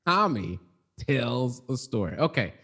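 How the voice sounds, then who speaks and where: A man's voice: mid-range voice, big pitch swings, a little slow, fairly bright tone, breathy edge. Man telling a joking story. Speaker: podcast co-host, storyteller. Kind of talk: casual comedic chat.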